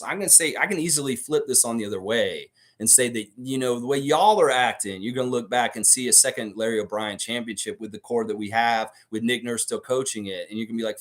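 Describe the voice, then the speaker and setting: A man's voice: fairly low pitch, a little fast, few pauses, a bit bright. A man from the Baltics hosting a sports livestream, amped up and profane as he rants and reads out chat comments. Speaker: livestream host.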